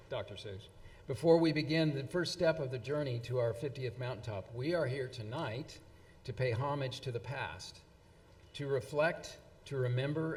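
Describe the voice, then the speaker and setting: A man's voice: mid-range voice, a little hiss or hum. A man giving a speech at an anniversary event, reading quotes with frequent fillers and restarts. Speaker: event presenter. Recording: long hall reverb.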